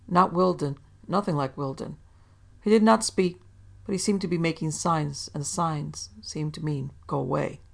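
A woman reading a story aloud in steady, measured narration. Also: low-pitched, creaky.

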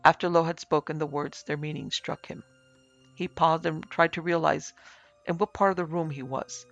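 Gravelly male ghost-story narrator. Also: on the high side, steady tone, moderate pace, a bit bright, soft background music.

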